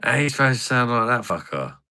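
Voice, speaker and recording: A man's voice: mid-range voice, sing-song, quick pace, bright, forceful tone, clear, resonant tone, no room sound. A man chatting casually and a bit tipsy, rambling, swearing and laughing often. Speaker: channel host.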